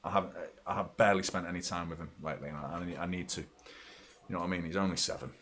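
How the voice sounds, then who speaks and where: A man in his thirties from the UK, hosting a live football watchalong in a slightly low voice. He talks bluntly and swears freely, jumping up in excitement when a chance comes. Between chances he chats plainly to his viewers. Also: fast. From United Kingdom. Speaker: host of a fan watchalong. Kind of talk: live match reaction and chat.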